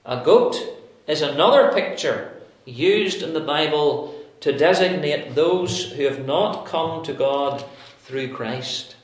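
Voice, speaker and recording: A man preaching a sermon, explaining scripture in a slow, deliberate way with emphatic pauses. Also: on the high side, lively intonation. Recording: very echoey room.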